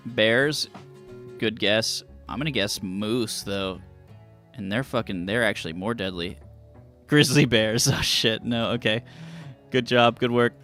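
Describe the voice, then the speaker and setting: A man's voice: mid-range voice, a bit bright. A man streaming a trivia game, casually joking with chat and reading clues aloud. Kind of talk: casual live-stream commentary.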